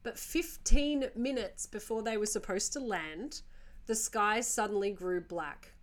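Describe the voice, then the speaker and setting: A woman's voice: mid-range voice, unhurried. A woman hosting a casual storytelling podcast, chatting through the tale with joking asides and easy laughter.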